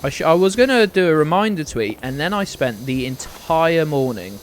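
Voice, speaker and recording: A man's voice: fairly high pitch, very animated, normal speed, slight background noise. A man in his twenties chatting casually on a live game stream, rambling, swearing now and then and greeting viewers by name. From United Kingdom. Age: 20s.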